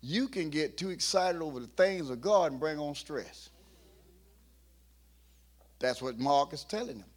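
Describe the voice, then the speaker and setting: A middle-aged pastor preaching a sermon, rising from quiet talk to shouting and acting out the voices in his stories. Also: a little high, animated, measured pace, long pauses.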